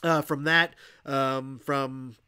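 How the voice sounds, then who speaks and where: A man's voice: medium pitch, steady tone, extremely slow, pushed and bright, smooth. A young man hosting a casual horror-movie livestream, rambling and swearing, laughing often. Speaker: podcast host.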